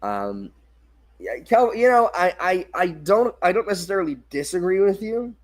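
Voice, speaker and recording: A man's voice: high-pitched, sing-song, normal speed. A young man doing casual play-by-play commentary for a football livestream, tired and yawning, often correcting himself and apologizing for slips. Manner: casual, self-correcting, apologetic about mistakes. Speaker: fan play-by-play streamer.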